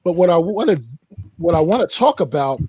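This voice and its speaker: A man hosting a casual interview, upbeat and quick to react with excitement. His voice sits high for a man, recorded dry with almost no room sound. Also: slightly rough, dry recording. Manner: enthusiastic, quick to exclaim "that's dope", "wow". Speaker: podcast host.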